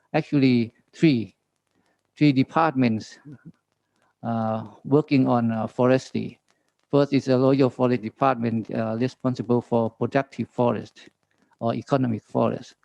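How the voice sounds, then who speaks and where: Thai-accented man, gravelly and flat. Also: medium pitch, dry recording, highs cut off. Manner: halting, many fillers, reading slides. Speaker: government forestry official presenting. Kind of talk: conference presentation with slides.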